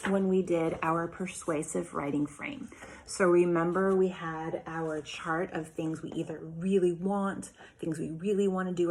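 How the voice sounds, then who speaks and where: A woman's voice: fairly low pitch, a little mellow, a little hiss or hum. Patient woman teacher sounding out phonics. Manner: patient, clearly sounding out letter sounds for children. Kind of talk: remote phonics and writing lesson.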